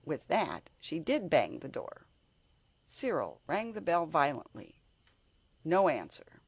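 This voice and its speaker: Lively, breathy woman narrator. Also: deep voice, slow. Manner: expressive, animated reading. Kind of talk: storybook narration.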